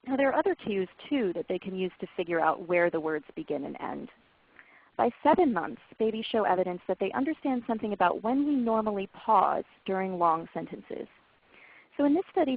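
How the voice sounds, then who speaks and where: A woman presenting a parenting webinar, explaining clearly and encouragingly to parents, in a scripted lecture style. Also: mid-range voice. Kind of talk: scripted lecture on language development. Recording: phone-like narrow band webinar audio.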